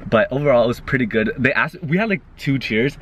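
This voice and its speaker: A young man vlogging casually to camera, excitable and gushing, nervous. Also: medium pitch, brisk, a little hiss or hum. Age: young adult. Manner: excitable, gushing, lots of "oh my God". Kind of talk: casual vlog talk to camera.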